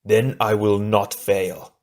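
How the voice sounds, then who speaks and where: A man's voice: on the low side, steady tone, measured pace, a little mellow. A man voicing a grim, resolute male hero leader in an audiobook, speaking solemnly.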